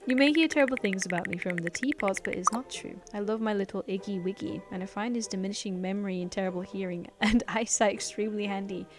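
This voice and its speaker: A woman's voice: mid-range voice, fast, few pauses, natural voice. A woman voicing a vain, flirtatious female game character who boasts in a coy way. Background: game music.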